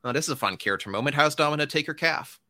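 Bright-voiced man running a tabletop game. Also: fairly high pitch, expressive, racing. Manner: casual, rambling, filler-heavy. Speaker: game master.

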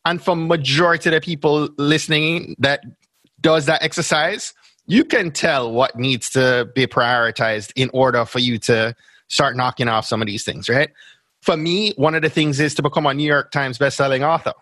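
A man's voice: medium pitch, moderate pace, fairly bright tone, no echo. A man with a Jamaican accent, a podcast guest explaining things step by step in casual interview talk. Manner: explains step by step, often checks in with "right?". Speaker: podcast guest, brand strategist.

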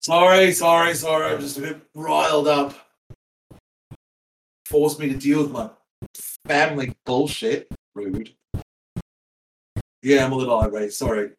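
Man, higher-pitched voice, bitter estranged son, ranting, swearing, loud then muttering, tabletop role-play, faint hiss. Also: fairly even intonation, unhurried, vocal fry, pauses often, poor audio. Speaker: player.

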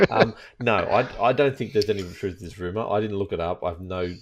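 A man's voice: fairly low pitch, a little fast, slight background noise. A man hosting a casual gaming podcast, rambling and joking with his co-hosts. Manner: rambling, jokey, laughs often. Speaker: podcast host.

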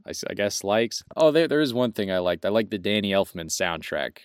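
Man, low voice, casual podcast chat, dry recording, laughs a lot. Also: animated, brisk, clear, resonant tone, no echo. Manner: laughs often, rambling movie rant. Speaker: podcast co-host.

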